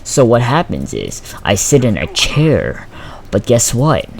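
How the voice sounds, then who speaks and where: A teenage boy vents about his school day in a casual vlog, swearing freely and sounding exasperated. His delivery is animated, with a mid-pitched voice. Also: measured pace, gravelly. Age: teens. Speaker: vlogger.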